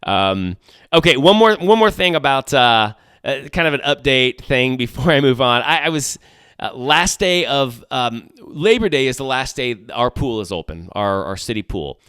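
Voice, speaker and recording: A man's voice: medium pitch, sing-song, normal speed, a bit bright, clear, resonant tone, dry recording. A middle-aged man hosting his own podcast, chatting casually with lots of jokey asides and restarts, close on the mic. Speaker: podcast host. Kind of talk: solo casual podcast chat.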